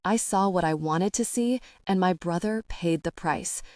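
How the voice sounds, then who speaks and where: A woman voicing a grieving, guilt-ridden young woman who talks in halting, anguished confessions. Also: on the low side, darkish tone, no room sound, studio quality, natural voice.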